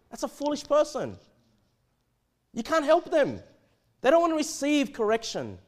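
Male preacher, higher-pitched, very lively delivery, stammering restarts, sermon. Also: moderate pace, long pauses. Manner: animated, repeats and restarts words. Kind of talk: expository sermon.

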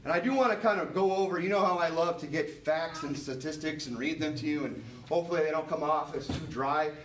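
A man's voice: on the high side, brisk, fairly bright tone, slight background noise. Earnest preacher man in an echoey church. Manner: earnest, repetitive, builds to emphatic preaching. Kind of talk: sermon. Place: church sanctuary. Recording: echoey room, mic at a distance. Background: congregation responding amen.

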